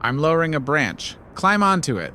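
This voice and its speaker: A small, cheeky trickster spider, put on by a male storyteller, chirps in a voice pitched well above the narration. It leaps up and down in pitch, all eager innocence. A bedtime storybook character. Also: very animated, normal speed, pushed and bright, a little hiss or hum. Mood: coaxing. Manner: high, eager, mock-innocent.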